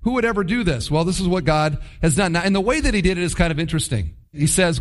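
A man teaching a Bible passage in a lively, conversational sermon, stopping to ask the listeners questions. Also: on the high side, quick pace. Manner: animated, conversational, asks the audience questions. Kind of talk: expository sermon.

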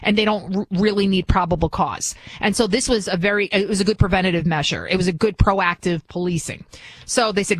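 A woman's voice: on the low side, brisk, dry recording, low-quality recording. A woman hosting a political commentary show, delivering an opinionated monologue full of rhetorical questions and restarts.

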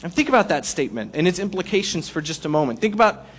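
A man's voice: high voice, sing-song, quick pace. A male pastor giving a sermon in a casual, joking way, using everyday analogies. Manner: conversational, jokey preaching with analogies.

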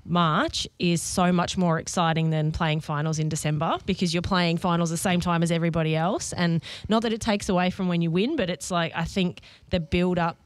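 A woman co-hosting a casual sports chat, friendly and gently teasing. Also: on the low side, fairly even intonation, a little fast, few pauses, dry recording. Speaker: co-host.

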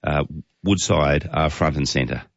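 Very deep-voiced Australian radio host. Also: male voice, slow pace, creaky, no room sound, dull audio. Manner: chatty, reads listener texts with chuckles. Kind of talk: casual talkback radio.

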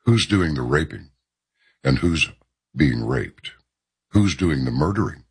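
A male radio talk host speaks in an extremely low, gravelly voice. His delivery is a rambling, opinionated monologue with heavy emphasis. The tone is husky and rough. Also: expressive, takes it slowly. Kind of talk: monologue on air.

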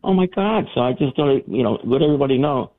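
A man calling a radio show, telling stories in an animated way, stammering and repeating words. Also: mid-range voice, quick pace. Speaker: caller. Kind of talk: anecdotal storytelling on a call-in show. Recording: tinny phone line.

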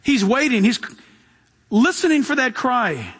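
A male pastor delivers a sermon in an animated preaching style. His voice sits high for a man, and he slips into acted-out voices to tell the story. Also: measured pace, husky, in a large hall.

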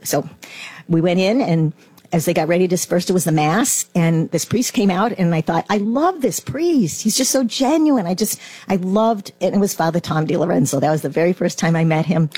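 Lady in her middle years telling a faith story, mellow husky voice, acts out her old thoughts. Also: on the low side, dry recording. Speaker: guest. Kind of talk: personal testimony.

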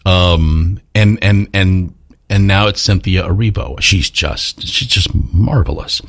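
A man's voice: sits low, slow pace. A man hosting a morning news talk radio show, chatting casually with many fillers and restarts.

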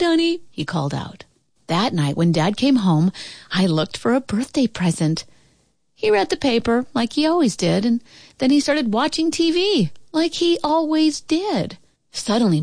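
A woman reading a children's story aloud in an expressive, animated way. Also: medium pitch, dry recording, studio quality.

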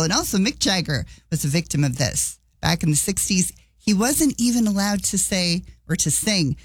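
Radio lady chatting thru the news, kinda low voice, super dry sound, wry little asides. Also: dry recording. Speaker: radio host. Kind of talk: casual radio news commentary.

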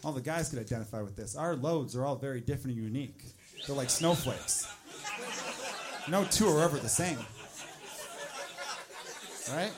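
A man in his thirties doing a stand-up comedy set on a club stage, with loud, animated punchlines and acted-out asides. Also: mid-range voice, normal speed, pauses often, a crowd in the background.

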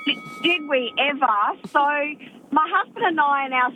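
Woman, radio caller, animated storyteller, high voice. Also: normal speed, rough recording. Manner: animated storyteller, many "you know"s. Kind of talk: telling a story on air.

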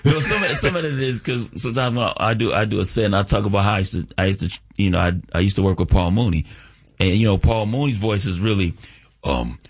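A man, a comedian and actor chatting as a guest in a casual radio interview, animated and playful. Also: on the low side, fast. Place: college radio studio.

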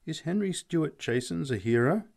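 A man's voice: fairly high pitch, animated, normal speed, a little mellow, voice pushed up. A man doing a laconic young soldier. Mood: deadpan. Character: stubborn, dry-witted young male soldier.

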